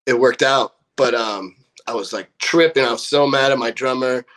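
A man's voice: medium pitch, moderate pace. Young guy telling a profane tour story. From California. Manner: profane, animated storyteller acting out quotes. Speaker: band member. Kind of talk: casual storytelling.

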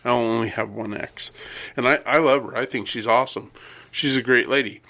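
A man's voice: mid-range voice, steady tone, fairly quick, bright, forceful tone. A man telling stories in casual chat, wry and dry-humored, acting out the people he quotes. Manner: wry, storytelling with quoted voices.

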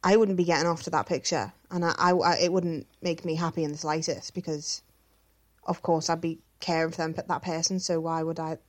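Frank, sweary woman with a low voice. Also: fairly even intonation, a little fast. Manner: frank and sweary, many fillers like "like" and "um". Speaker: podcast co-host reading listener questions. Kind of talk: casual chat.

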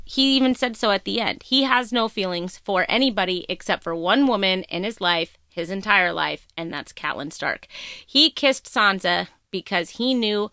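A woman co-hosting a podcast, recapping a TV episode in casual, emphatic, animated storytelling. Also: medium pitch, clear, resonant tone, dry recording, studio quality. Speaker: podcast co-host.

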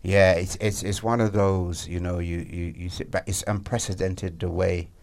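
A man's voice: low voice, flat delivery, normal speed, gravelly, a little mellow. A man co-hosting a breakfast radio show, talking over the news in an opinionated way with hesitant starts, in a studio. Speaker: radio co-host. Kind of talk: casual studio discussion.

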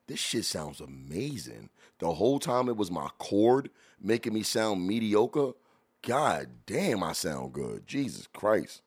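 Husky dude on his podcast mic, slow talker but his pitch jumps all over, cussing and laughing. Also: big pitch swings. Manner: profane, blunt, laughs and jokes loudly. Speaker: podcast host. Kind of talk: casual chat reacting to videos. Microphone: studio podcast mic.

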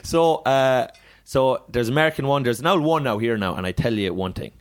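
A man's voice: mid-range voice, brisk. An Irish man with an Irish accent, a comedian guest, telling rambling, sweary stories in casual podcast chat and laughing often. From Ireland.

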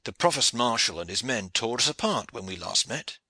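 A man voicing a grim, vengeful older soldier, gruff and earnest. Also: mid-range voice, animated, fairly quick, sharp tone, no echo, exaggerated voice.

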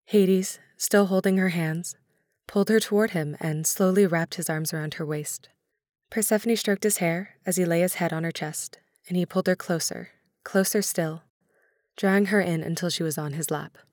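A woman narrating a story in a measured, gentle reading. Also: on the low side, no echo, clean studio sound.

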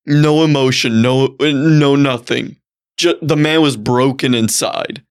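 A man co-hosting a casual podcast chat, telling rambling, profane stories and jumping to high, excited exclamations. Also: slow pace, smooth. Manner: profane, rambling storyteller with big excited pitch jumps.

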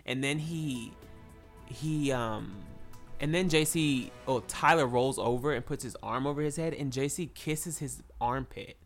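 A man's voice: medium pitch, a little slow, soft background music. A man hosting a podcast in casual chat, earnestly retelling events and quoting people. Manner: earnest, tells stories, quotes people. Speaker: podcast host. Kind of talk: casual chat recapping a reality show.

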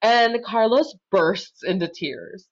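A woman public defender telling her story on a podcast, loud and expressive. Her pitch leaps up and down as she talks. The recording sounds dull and lo-fi. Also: slow pace.

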